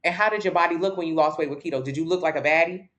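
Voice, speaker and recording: A woman's voice: deep voice, racing, a bit bright. A woman fitness coach, answering viewers' questions on a casual livestream in a blunt, brash, jokey way.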